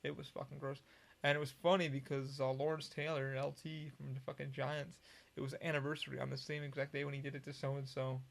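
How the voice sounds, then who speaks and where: A man's voice: medium pitch, little pitch movement, a little fast, gravelly. A man hosting a solo podcast, rambling casually with lots of profanity and frequent restarts. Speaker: podcast host.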